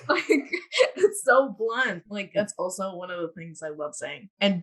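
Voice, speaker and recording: A woman's voice: medium pitch, expressive, measured pace, a bit bright. A woman, an actor guest on a talk show, telling stories in a casual, giggly way. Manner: giggly storyteller. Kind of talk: casual interview chat.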